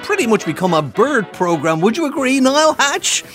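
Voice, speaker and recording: A man's voice: very high voice, big pitch swings, normal speed, fairly bright tone, faint music behind. Chatty man presenting radio. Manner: chatty, inquisitive. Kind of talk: radio nature show presenting.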